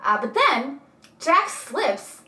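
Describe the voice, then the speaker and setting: Bright-voiced young woman in an echoey room. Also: high-pitched, drawn-out words. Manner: giggly, lively quoting of characters. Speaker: co-host recapping a film. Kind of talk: casual chat.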